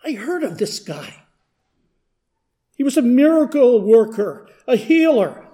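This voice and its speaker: A high-voiced man tells a story in the first person, as a poor blind beggar. His delivery is earnest and unhurried, and it steadily gathers intensity. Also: very animated, warm tone. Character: blind beggar man, humble then desperate. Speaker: dramatic storyteller. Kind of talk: first-person dramatic monologue.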